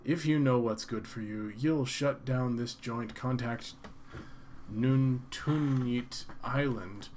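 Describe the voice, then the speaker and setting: A man's voice: medium pitch, slow, darkish tone, slight background noise, close to an everyday voice. A man voicing a dorky male secret agent who makes blustering threats. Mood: menacing. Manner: menacing, blustering.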